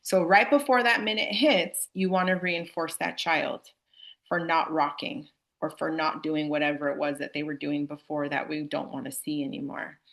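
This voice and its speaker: A woman's voice: low voice, steady tone, moderate pace, gravelly, fairly bright tone. A young adult woman leads a staff training on student behavior and talks to her audience in a casual, chatty way. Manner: casual, chatty, addresses audience as "you guys". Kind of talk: live staff training presentation.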